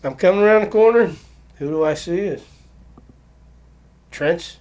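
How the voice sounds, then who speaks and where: A man's voice: high-pitched, moderate pace, darkish tone, no echo. A man hosting a podcast, telling a long story in a rambling, folksy way. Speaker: podcast host. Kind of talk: casual chat, anecdote telling.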